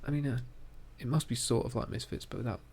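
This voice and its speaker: A man co-hosting a casual podcast chat, halting and restarting his sentences. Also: medium pitch, gravelly, darkish tone, husky. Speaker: podcast co-host.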